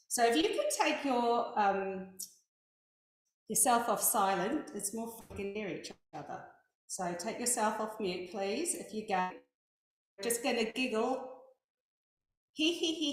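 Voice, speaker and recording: A woman facilitating a laughter wellness session over a video call, giving encouraging step-by-step cues for breathing and laughing. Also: on the high side. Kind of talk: guided group exercise instruction. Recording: very echoey online call.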